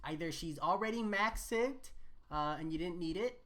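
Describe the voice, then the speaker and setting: Low-voiced woman chatting on stream. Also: animated, normal speed, fairly bright tone. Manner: chatty, laughs often, reads chat aloud. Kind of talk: casual live-stream chat.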